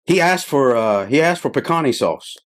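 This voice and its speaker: A man's voice: medium pitch, animated, normal speed. A middle-aged man from the Middle East, a podcast guest, telling a story in a chatty way, laughing often and trailing off into fillers. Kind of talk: casual storytelling.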